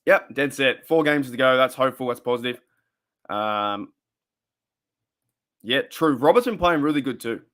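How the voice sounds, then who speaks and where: A man's voice: mid-range voice, animated, moderate pace, long pauses, fairly bright tone. A young Australian man hosting a casual live stream, rambling and repeating himself as he reads the chat.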